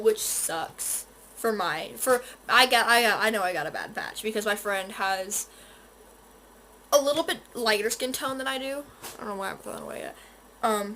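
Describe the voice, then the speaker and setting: A woman's voice: medium pitch, a bit bright, a little hiss or hum. A fourteen-year-old girl from North Carolina chatting casually while doing her makeup, rambling with lots of restarts and quoted asides, filmed on a phone in her bedroom. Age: teens. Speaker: beauty vlogger. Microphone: phone camera.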